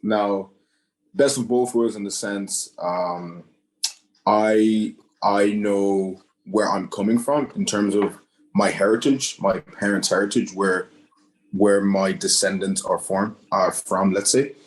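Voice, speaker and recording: A man's voice: lowish voice, fairly even intonation, slow. Man talking in a roomy space. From Ireland. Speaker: panelist. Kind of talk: casual panel discussion. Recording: roomy echo.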